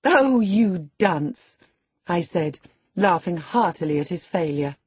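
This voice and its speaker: A proud, teasing young lady recounts her evening with lively scorn, as a woman reads her in an audiobook. The voice sits low and mellow with a very breathy, husky grain, close and dry. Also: measured pace, no room sound, full character voice. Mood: animated.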